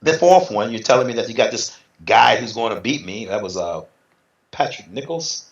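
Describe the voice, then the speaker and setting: A retired bodybuilder, appearing as an interview guest, tells casual stories with animation, voicing quotes in other people's voices. His voice is mid-range at a normal pace, and the recording sounds roomy and slightly dull.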